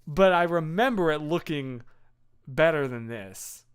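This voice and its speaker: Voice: medium pitch, animated, a little slow, clean tone. A streamer in their thirties chatting casually on a live stream, reading chat and rambling with many fillers and restarts.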